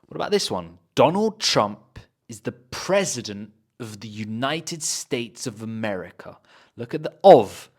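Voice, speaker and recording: A man with a British accent teaching a pronunciation lesson, saying example words slowly and repeating them to drill the sounds. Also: medium pitch, sing-song. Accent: British English. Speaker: accent coach.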